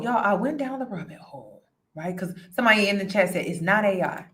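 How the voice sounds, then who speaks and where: A woman hosting casual commentary for her live chat, talking in an animated way and repeating herself for emphasis. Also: medium pitch, fast. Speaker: commentary vlogger.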